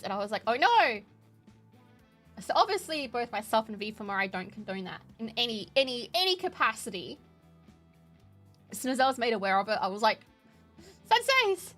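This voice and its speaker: Young Australian woman streamer, high bright voice, lively casual chat, light music behind. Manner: animated, laughing, emotional.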